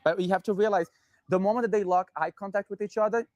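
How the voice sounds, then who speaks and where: A man with a slightly raised pitch talks calmly as a dog trainer, mixing explanations with clipped commands to a dog. His voice sounds close and dry, with no room around it. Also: fast, dry recording. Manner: calm, instructive, gives short commands to a dog.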